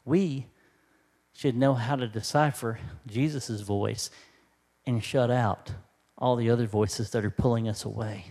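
A middle-aged male pastor delivering a sermon to his congregation, speaking with animated rises and drops in pitch and loudness. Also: a little slow. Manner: animated preaching with sudden rises in pitch and volume.

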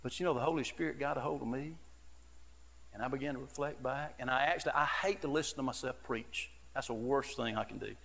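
A man's voice: medium pitch, quick pace, creaky, a bit bright, in a large hall. A middle-aged man, an associate pastor, preaching a sermon in an earnest, conversational storytelling way. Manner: earnest, conversational storytelling with frequent "you know".

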